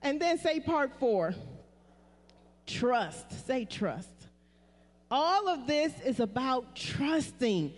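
A woman's voice: sits high, big pitch swings, very slow, long pauses. A woman pastor preaching a sermon, calling on the congregation to repeat her words. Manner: preaching with call-and-response prompts to the congregation. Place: church sanctuary. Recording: live church recording with long reverb.

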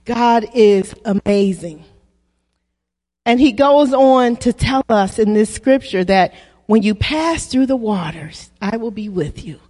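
A woman preacher giving a sermon in a church, using call-and-response and drawn-out, emphatic phrasing. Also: on the high side, mellow. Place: church sanctuary. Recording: long reverb of a hall.

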